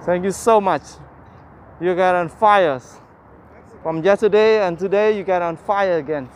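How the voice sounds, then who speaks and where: Outdoors in a city park, a man hosts a live walking-tour stream, chatting cheerfully in simple broken English and thanking viewers by name. His voice sits high and runs a little slow, with slight background noise.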